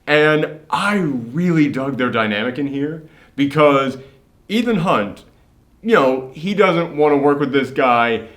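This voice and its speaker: Man co-host, a bit high-voiced, casual and opinionated movie chat. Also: unhurried. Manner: lively, opinionated, acts out quoted lines. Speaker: co-host of a movie review show.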